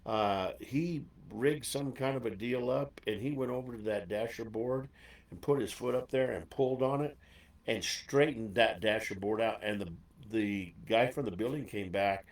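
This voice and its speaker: A man hosting a casual chat and telling loose, animated stories. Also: mid-range voice, normal speed, echoey room, far from the mic. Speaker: host.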